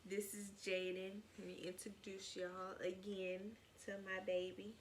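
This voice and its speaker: A woman's voice: mid-range voice, monotone, a little slow, slight background noise. A young woman vlogger telling a casual, rambling story, with many "like"s.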